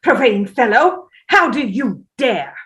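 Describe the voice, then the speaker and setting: A woman's voice: on the high side, big pitch swings, slow pace, a bit bright, heavily acted. A woman reading the part of an imperious, sleepwalking Tudor queen in a staged play reading, declaiming with haughty command.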